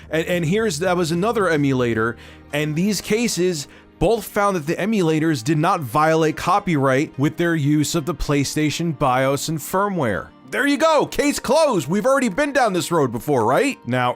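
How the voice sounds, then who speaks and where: Sarcastic man ranting on tech news. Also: fairly high pitch. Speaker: tech commentary host. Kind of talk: opinionated commentary.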